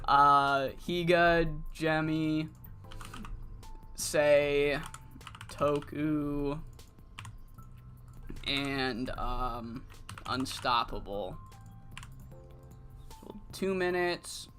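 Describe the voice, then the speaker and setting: This is a relaxed game streamer talking through a wrestling management sim at an unhurried pace, voice sitting in a middle register. The talk wanders, with casual swearing and sudden excited rants about the game. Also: medium pitch, faint music behind. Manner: rambling, swears freely, bursts into excited rants. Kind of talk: casual gameplay commentary.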